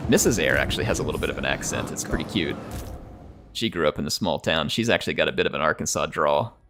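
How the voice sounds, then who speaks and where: Deep-voiced chatty American man streaming. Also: fairly bright tone, a little hiss or hum. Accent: General American, slight drawl. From United States. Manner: rambling and chatty, chuckles often. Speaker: streamer playing a strategy game. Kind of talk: casual live-stream chat.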